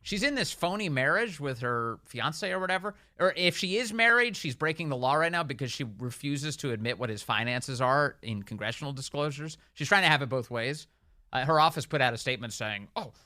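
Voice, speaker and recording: A man's voice: medium pitch, bright, forceful tone, no echo, clean studio sound. A man hosting a talk radio show, delivering opinionated commentary in a sarcastic, mocking way and laughing often.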